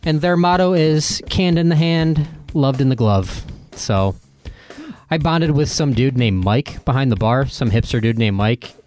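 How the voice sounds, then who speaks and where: A man's voice: mid-range voice, lively intonation, measured pace, darkish tone, soft background music. A man co-hosting a podcast, chatting casually through a beer segment, rambling and laughing easily. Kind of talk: casual chat.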